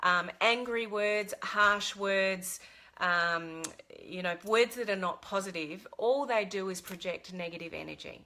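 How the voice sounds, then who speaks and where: A woman's voice: mid-range voice, measured pace, bright, forceful tone. A middle-aged woman talking to camera, giving earnest life advice with fillers and restarts. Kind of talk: casual talk to camera.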